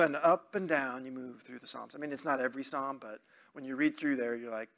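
Male pastor, high and bright, conversational sermon with questions and acted-out prayers. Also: lively intonation, a little fast.

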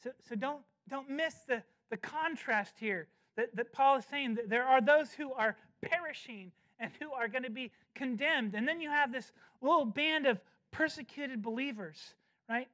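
A preacher giving an expository sermon, emphatic, slowing down to stress key phrases and often repeating words while restarting. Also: sits high, bright, forceful tone.

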